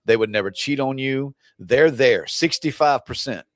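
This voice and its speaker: A man who coaches people through divorce streams live, teasing viewers during a blunt, preachy and fired-up pep talk. His medium-pitched voice moves at normal speed in a dry recording.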